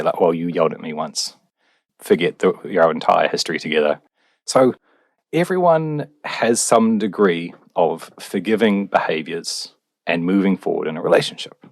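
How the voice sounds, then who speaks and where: A man's voice: deep voice, no room sound. A male relationships researcher, answering podcast questions in a wry, explanatory way with fillers.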